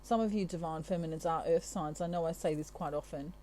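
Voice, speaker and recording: A woman from Australia talks through a channelled tarot reading with a low, mellow voice. She sounds chatty and reassuring and keeps adding little asides to the listener. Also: fairly quick, a little hiss or hum, poor audio. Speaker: tarot reader.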